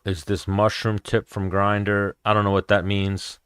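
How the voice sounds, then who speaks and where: A New Yorker hosts a casual MMA chat stream, answering chat in a blunt, profane, rambling manner. His lowish voice is smooth, a bit bright, monotone, and a little slow, captured in a dry, studio-quality recording.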